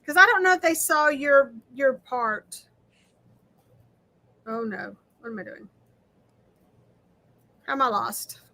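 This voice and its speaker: High, bright-voiced chatty woman host. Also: expressive, slow, gravelly, long pauses. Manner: loud, talking over audio trouble, chatty. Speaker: livestream host. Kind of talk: casual livestream chat.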